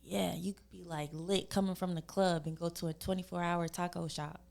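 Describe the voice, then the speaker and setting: Chatty young woman, slightly low voice. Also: moderate pace, vocal fry. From California. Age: young adult. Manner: relaxed and chatty, acts out other people's remarks in quotes. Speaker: podcast guest, singer. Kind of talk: casual interview chat.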